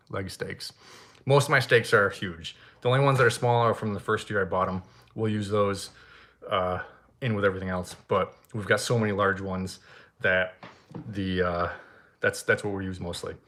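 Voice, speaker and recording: A young man who runs an event rental business, answering live viewer questions and telling stories animatedly. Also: fairly low pitch. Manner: animated storytelling, acts out shouting in quotes. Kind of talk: live Q&A, casual storytelling. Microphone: single mic, standing.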